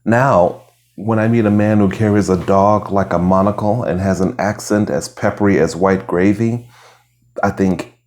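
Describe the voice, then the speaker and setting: A man reading essays aloud in a soft ASMR style, hushed and slow, sometimes slipping into a whisper. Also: sits low, fairly even intonation. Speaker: reader. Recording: lo-fi home recording.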